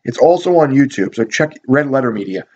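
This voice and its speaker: A man's voice: mid-range voice, animated, a little fast, a little mellow, dull audio. A man casually reviewing a cult movie, rambling and swearing with lots of fillers and amused asides. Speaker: video reviewer.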